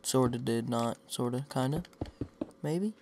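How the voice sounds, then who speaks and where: A young man giving casual, self-mocking commentary over his own gameplay, chatting to viewers and breaking into excited outbursts at the game. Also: medium pitch, a little slow, noisy background. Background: background music.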